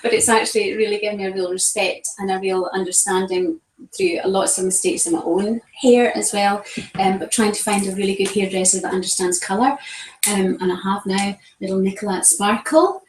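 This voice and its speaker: A woman's voice: mid-range voice, brisk, slight background noise. Chatty woman colour consultant in an echoey room. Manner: chatty, lots of ums and restarts. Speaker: colour analyst. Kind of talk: casual chat.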